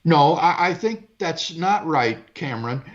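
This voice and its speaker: A man debating as a philosopher. He speaks in a measured, academic and emphatic way. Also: fairly high pitch, animated. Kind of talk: debate discussion. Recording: dull lo-fi clip.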